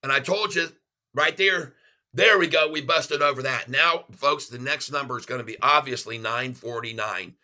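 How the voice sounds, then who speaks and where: A man hosting a live day-trading stream, excitedly calling out prices, placing orders and greeting viewers as "folks.". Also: mid-range voice, moderate pace. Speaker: stock trading livestream host.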